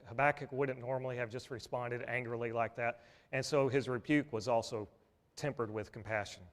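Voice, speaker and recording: A man preaching a sermon in a church in a conversational, folksy way, with restarts and asides. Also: mid-range voice.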